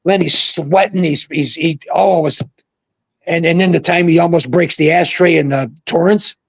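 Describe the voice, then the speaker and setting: An older man spins rambling, animated stories as a guest on a video call, raising his voice whenever he quotes someone. His voice is gravelly and husky, a little high for a man, and sounds dry and close. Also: normal speed, no room sound, poor audio. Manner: rambling, animated storyteller who shouts out quoted lines. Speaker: guest, former pro bowler. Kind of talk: casual storytelling on a livestream. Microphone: video call mic.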